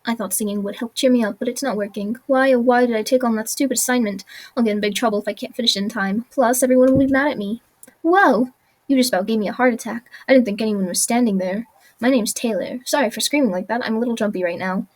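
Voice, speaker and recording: A jumpy young tailor, read by a woman, who talks in a nervous, flustered rush. The voice sits fairly high and light. She sounds worried and quick to brush things off. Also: natural voice. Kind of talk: reading game dialogue aloud.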